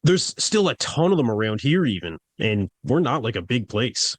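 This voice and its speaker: A man co-hosts a podcast in a relaxed, joking way and stumbles over his words now and then. The recording is dry, with no room sound. His voice sits at a middle pitch. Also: normal speed, no echo. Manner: laid-back, joking, stammers. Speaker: podcast co-host. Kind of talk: casual podcast chat.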